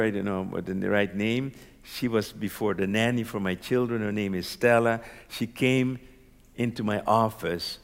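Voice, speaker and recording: A doctor from Curaçao telling a personal story in conversation, animated and laughing often, checking that his listener follows along. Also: mid-range voice, big-room sound.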